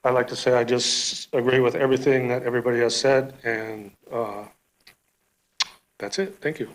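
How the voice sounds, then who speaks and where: A man's voice: mid-range voice, steady tone, normal speed, poor audio. A man in a middle register speaks at a council podium in a plainspoken, casual way. He asks direct questions and lays out his concern without ceremony. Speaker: resident giving public comment. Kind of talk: informal public comment. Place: city council chamber.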